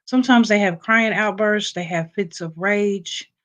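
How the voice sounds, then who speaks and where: A woman's voice: mid-range voice, a little slow. A woman hosting a casual livestream, just out of bed, reading points from a list with plenty of ums and chatting with her viewers. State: just woke up. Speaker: livestream host.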